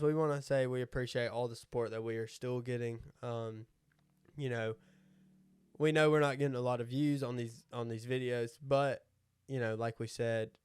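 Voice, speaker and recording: A young man co-hosting a podcast, easygoing and halting with fillers. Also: mid-range voice, clear, resonant tone, no room sound, clean studio sound. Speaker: podcast co-host. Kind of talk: casual chat.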